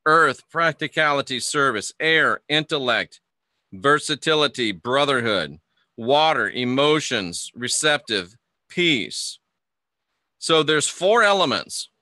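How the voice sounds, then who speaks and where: Chatty man with a very bright voice. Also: mid-range voice, lively intonation, slow, dry recording, studio quality. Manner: chatty, reads viewer comments aloud, stumbles and restarts. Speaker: livestream host teaching astrology. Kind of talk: casual livestream lesson reading chat.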